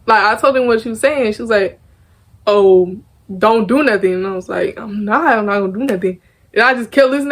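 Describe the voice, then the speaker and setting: Animated young woman telling a story. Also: a little high. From Arkansas, US. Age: young adult. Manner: animated, laughs often, acts out quoted lines. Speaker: vlogger. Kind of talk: casual storytime chat.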